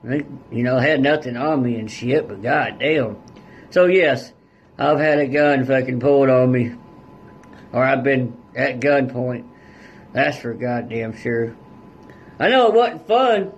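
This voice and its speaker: A man's voice: medium pitch, unhurried, dull audio, slight background noise. A man guest on a podcast telling a story in a casual, blunt way, with heavy swearing and rural turns of phrase. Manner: blunt and heavily profane, rural dialect.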